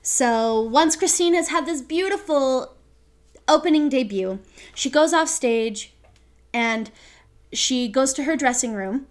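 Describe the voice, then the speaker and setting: A woman's voice: high-pitched, animated, slow. A woman co-hosting a casual chat, enthusiastically retelling a musical's plot and slipping into quoted voices. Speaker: podcast co-host.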